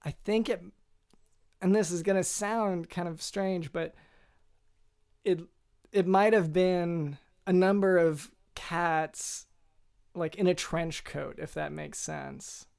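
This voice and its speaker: A man hosting a podcast, telling a deadpan comic story in a halting, hesitant way with many restarts. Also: high voice, vocal fry, clear, resonant tone. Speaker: podcast host.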